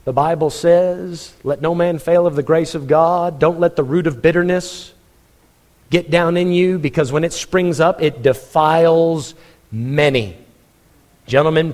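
A man's voice: mid-range voice, in a large hall. A man preaching a sermon, telling a story with humor and acting out the people he quotes, often chuckling.

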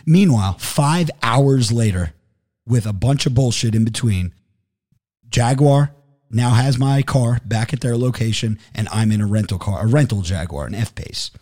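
A man telling a story in a casual chat, animated and profane, acting out both sides of phone calls. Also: medium pitch, moderate pace.

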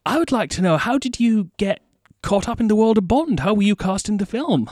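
Lively Scottish man hosting a podcast. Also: high voice, a little fast, no room sound. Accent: Scottish, mild. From Scotland. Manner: chatty and jokey, lively delivery. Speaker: podcast host. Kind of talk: casual chat interview.

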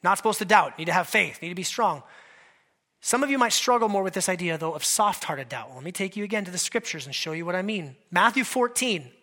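A male pastor preaching a lively, conversational sermon, acting out quotes from scripture figures. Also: high-pitched, fast talker.

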